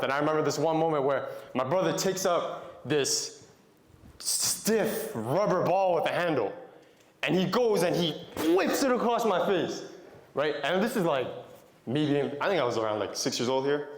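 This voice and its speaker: A man's voice: a little high, expressive, moderate pace. Young man giving a faith talk, echoey room. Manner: conversational storytelling, asks the audience questions. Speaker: motivational Christian speaker.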